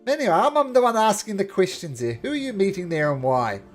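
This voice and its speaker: A man voicing a gruff, threatening interrogator who demands answers in a brusque manner, with faint music behind. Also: high-pitched, very animated, quick pace, pitched above the performer's own voice. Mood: demanding.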